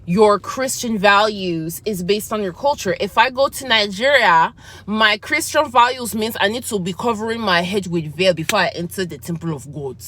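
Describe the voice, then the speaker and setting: A woman's voice: medium pitch, moderate pace, fairly bright tone, slight background noise. A woman vlogger talking candidly in a casual chat review, acting out her side of conversations as she tells them. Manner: chatty and candid, acts out her side of dialogues.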